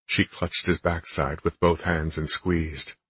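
Reading scripted romance narration, a male audiobook narrator keeps a steady, measured delivery in a very deep, husky voice. It's recorded close and dry, with neither echo nor any room sound.

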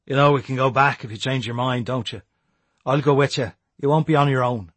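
A man's voice: mid-range voice, steady tone, a little fast, fairly bright tone, no room sound, natural voice. Man voicing a curt, exasperated young robber. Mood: concerned. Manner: curt, irritated. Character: exasperated young male robber, the sharper friend.

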